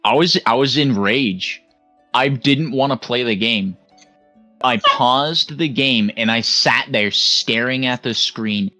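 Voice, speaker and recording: A young man chatting casually with friends, his tone bright and ringing. He tells his story with big, animated emphasis. Faint music plays in the background. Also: medium pitch, slow pace. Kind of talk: casual chat among friends.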